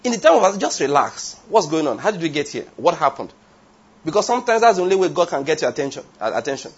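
A man's voice: a little high, sing-song, very fast, breathy edge. A man preaching a sermon, emphatic, asking the congregation rhetorical questions and drifting into tangents. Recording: dull lo-fi sound.

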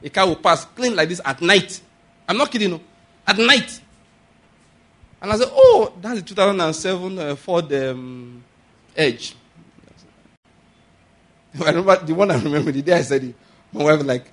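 Male pastor, husky, higher voice, sermon delivery that jumps to loud emphatic peaks. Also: big pitch swings, normal speed, long pauses. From Nigeria. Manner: preaching with sudden rises to loud, high emphasis and laughter.

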